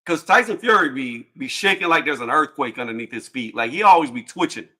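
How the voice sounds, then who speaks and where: A man hosting a casual boxing livestream panel, joking loudly and cursing, with frequent laughs and trash talk. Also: medium pitch, expressive, fairly quick.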